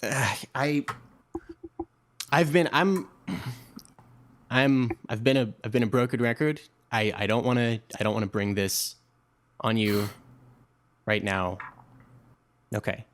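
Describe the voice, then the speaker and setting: A man voicing a worried, flustered middle-aged father who talks in a strained, halting, pleading way. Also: medium pitch, lightly acted.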